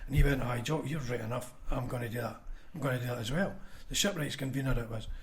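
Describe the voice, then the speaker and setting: A man's voice: mid-range voice, fast. A Scottish man, a former union convener, telling blunt anecdotes in a casual podcast chat and acting out what others said. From Scotland. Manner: anecdotal, blunt, acts out quoted voices.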